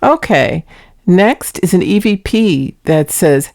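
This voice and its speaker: Woman host, lowish voice, dry close sound, chatty and earnest when setting up clips. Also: animated, slow pace, darkish tone, no room sound. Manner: chatty, earnest, explains each clip before playing it. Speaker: paranormal vlog host. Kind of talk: casual vlog narration introducing clips.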